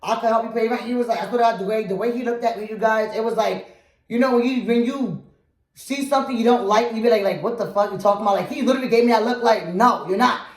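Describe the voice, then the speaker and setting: Woman vlogger, casual storytime, quick rambling delivery, roomy echo. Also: fairly high pitch, darkish tone, far from the mic. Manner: rambling, addresses viewers as "you guys". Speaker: vlogger telling the couple's story.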